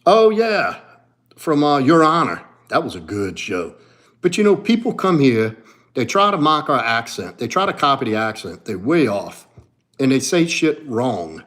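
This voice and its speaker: At a measured pace, a middle-aged martial arts coach speaks in a New Orleans accent, casually reading livestream comments. Blunt and profane, he alternates between muttering quietly and breaking into animated bursts.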